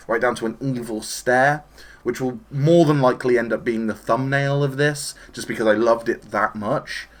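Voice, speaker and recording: A man giving a casual, enthusiastic spoken review of an anime episode, chatty and animated, now and then acting out the characters' lines. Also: medium pitch.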